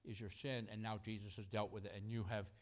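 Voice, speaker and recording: This is a middle-aged man preaching, fast-talking and fairly low in pitch. His sermon feels lively and conversational, with quotes acted out and little chuckles between ideas.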